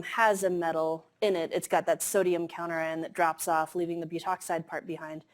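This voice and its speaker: A woman with a somewhat low voice lectures to a class in a relaxed, conversational way. She talks through the material with plenty of "um"s and "like"s, keeping it informal and approachable. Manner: casual, filler-heavy explaining with frequent "um" and "like". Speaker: chemistry lecturer. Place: lecture hall.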